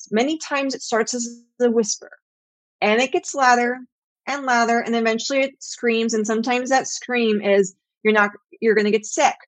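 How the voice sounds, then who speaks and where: Middle-aged woman, Pilates teacher, earnest and explanatory, higher voice, dry close sound. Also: no room sound. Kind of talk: conversational interview answers.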